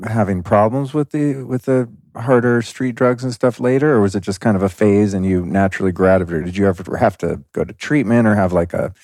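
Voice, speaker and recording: Very deep-voiced male interviewer. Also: brisk, few pauses, no room sound, studio quality. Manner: relaxed, asks rambling follow-up questions. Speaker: podcast host. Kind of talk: conversational interview.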